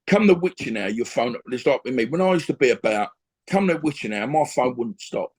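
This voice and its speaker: Husky man telling stories. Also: medium pitch, lively intonation, brisk, a little mellow. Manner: rambling, repeats "you know what I mean". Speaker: interview guest, former boxer and gym owner. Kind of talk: conversational storytelling.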